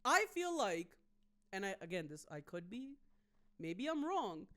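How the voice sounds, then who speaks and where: A man's voice: high voice, a little slow. Rambling man telling a comic story. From Canada. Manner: rambling, animated, with many fillers. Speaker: stand-up comedian and podcast host. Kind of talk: casual comedic storytelling.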